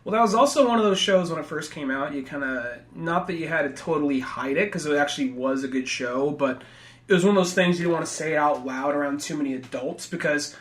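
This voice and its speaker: A man's voice: a little high, fast talker, fairly bright tone. A man co-hosting a casual comedy podcast, joking, swearing freely and slipping into comic voices. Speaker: podcast co-host.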